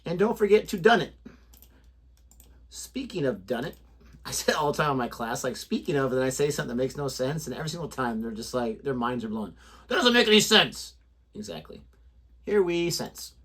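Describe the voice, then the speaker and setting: A man's voice: mid-range voice, animated, fairly quick, husky. A young man co-hosting a reaction video, chatting casually, joking and laughing often. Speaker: reaction channel co-host.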